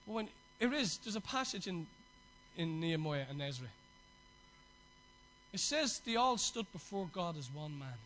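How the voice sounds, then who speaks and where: A preacher with an unusually high, bright, forceful voice delivers a sermon. He exhorts his congregation with passion and slips into chatty, conversational asides. Faint noise sits under the recording. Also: sing-song, moderate pace, rough recording.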